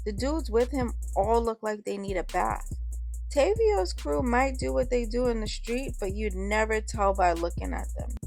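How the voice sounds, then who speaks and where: A woman's voice: a little high, gravelly, a little mellow. Woman telling a slangy first-person story. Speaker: narrator.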